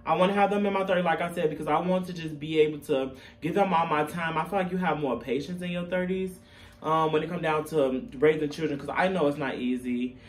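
A man's voice: a little high, fast. A young man talking casually to camera as a vlogger, candid and chatty, laughing at himself. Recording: distant camera mic, faint room noise.

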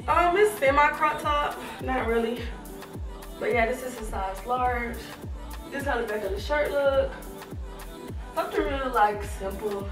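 A woman's voice: sits high, normal speed. A young woman, chatting casually to viewers during a try-on haul, laughing and out of breath. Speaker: fashion vlogger. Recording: echoey room, far from mic, faint music.

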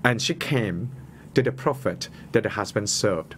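A man's voice: on the low side, expressive, unhurried, a bit bright, a little hiss or hum. A man, preaching a sermon as a pastor, repeating each point and stressing key words.

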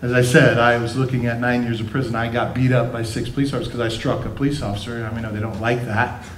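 This middle-aged pastor's medium-pitched voice moves little in pitch, and he speaks at a quick pace amid background noise. In a roomy church sanctuary, captured from a distance, he preaches with family stories, playful asides, and imitated voices.

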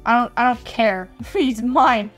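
A woman's voice: fairly high pitch, a little slow. A young woman chatting playfully and gushing as she shows off her haul in a casual vlog. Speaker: model horse collector vlogger. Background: faint background music.

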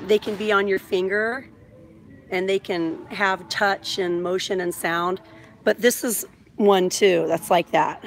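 A woman's voice: mid-range voice, slight background noise. A woman in her thirties, gushing and chatty as she vlogs live while she shops in a big store, filming on a phone mount. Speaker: vlogger. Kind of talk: live shop-with-me vlog. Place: large indoor store. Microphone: phone on a vlogging mount.

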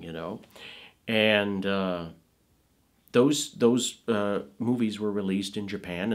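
A middle-aged man in a casual interview, animatedly recalling his film work, his voice trailing off softly at the ends of phrases. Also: fairly low pitch. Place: Woodland Hills, California.

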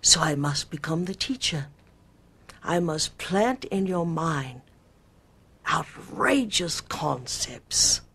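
A woman putting on an ancient, solemn male warrior spirit, speaking slowly and archaically in a put-on British accent. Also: sits low, animated, gravelly, fairly bright tone, exaggerated voice. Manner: slow, archaic, declaiming. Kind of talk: trance channeling performance.

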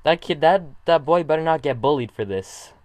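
A man giving casual reaction commentary on an animated short, emotional and gushing, laughing often. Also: on the high side, normal speed, no room sound.

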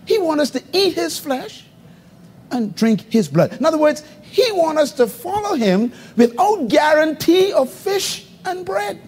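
A man preaching a live sermon as pastor to a congregation, calling for responses and swinging between loud high exclamations and low murmurs. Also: sing-song, a little slow. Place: church hall before a congregation. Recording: live recording with long hall reverb.

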